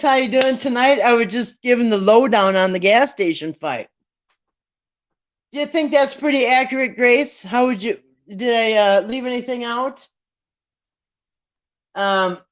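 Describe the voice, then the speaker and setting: A live streamer talks casually to viewers, meandering through a story and slipping into voices for the quotes. The pitch sits in the middle range. The stream audio is dull and lo-fi. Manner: rambling storyteller who acts out quotes.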